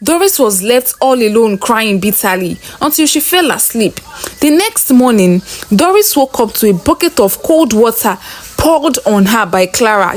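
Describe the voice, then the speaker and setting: A woman's voice: fairly high pitch, very animated, normal speed. A woman narrating a dramatic story in a plain, dramatic retelling.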